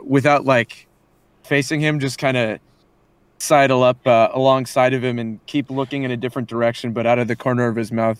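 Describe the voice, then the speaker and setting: A man describing his character's actions in a tabletop game, measured and pausing. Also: mid-range voice, smooth, no room sound. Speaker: player. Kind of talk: casual play talk.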